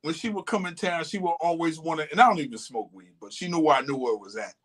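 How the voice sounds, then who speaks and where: A man from Atlanta, co-hosting a recap in an animated, joking way. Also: on the high side, fast talker, low-quality recording. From Atlanta, USA. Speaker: co-host. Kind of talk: casual reality-show recap chat.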